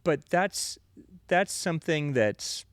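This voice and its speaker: A man's voice: a little high, expressive, takes it slowly, smooth, dry recording. A man co-hosting a podcast, talking in a casual, rambling, opinionated way, full of "you know" and "right?". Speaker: podcast co-host.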